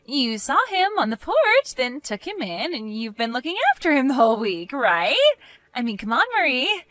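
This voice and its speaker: A woman's voice: high-pitched, sing-song, moderate pace, fairly bright tone, no room sound, clean studio sound. A woman doing an indignant selfish neighbor. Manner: indignant, scoffing.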